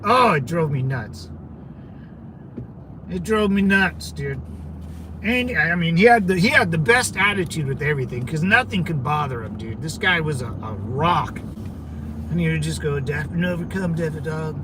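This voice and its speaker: A man in his thirties talks in a rambling, profane livestream chat, full of fillers and side tracks. His voice sits high for a man. Loud traffic and road noise from outdoors run behind him the whole time. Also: animated, moderate pace, long pauses. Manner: loose, profane, digressive talk with frequent fillers. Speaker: channel host, Marine veteran.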